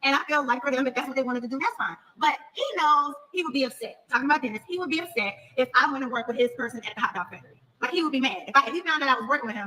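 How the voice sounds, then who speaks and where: Fast, bright-voiced woman ranting bluntly. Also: sits high, animated, low-quality recording. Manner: blunt, storytelling, swears freely. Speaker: reality TV cast member. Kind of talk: casual podcast rant.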